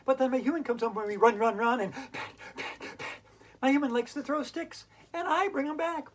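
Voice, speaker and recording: A woman doing an excited, loud pet dog. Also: high-pitched, moderate pace, pitched above the performer's own voice. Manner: loud, bouncy recitation.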